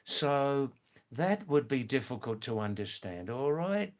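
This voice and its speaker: Australian male streamer, unhurried and deliberate, mid-pitched, chuckles often while reading comments. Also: big pitch swings. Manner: slow, careful and clear, with frequent chuckles. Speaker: live stream host. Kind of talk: casual live-stream chat reading viewer comments.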